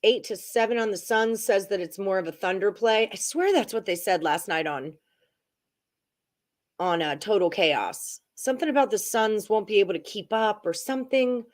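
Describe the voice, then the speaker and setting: A woman's voice: mid-range voice, expressive, normal speed. Chatty woman hosting a betting livestream. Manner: chatty, rattles off odds and percentages, talks to the live chat. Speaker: sports betting show host. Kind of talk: casual livestream chat about betting picks.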